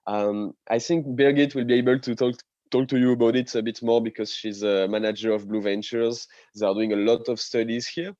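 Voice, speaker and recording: A man's voice: medium pitch, steady tone, brisk, a little mellow, no echo, highs cut off. A man who is a diving instructor talks as a panelist over a video call, hesitant and full of fillers but enthusiastic.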